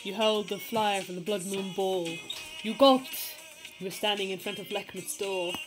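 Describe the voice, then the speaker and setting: A woman's voice: mid-range voice, fairly even intonation, moderate pace, music in the background, rough recording. A woman reading fanfiction aloud in a casual, playful way, often breaking into laughter. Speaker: fanfiction reader.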